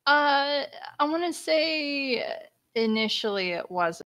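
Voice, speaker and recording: Slow-talking woman playing a tabletop game. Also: sits high, expressive, fairly bright tone. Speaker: player. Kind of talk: tabletop role-play, in-character talk.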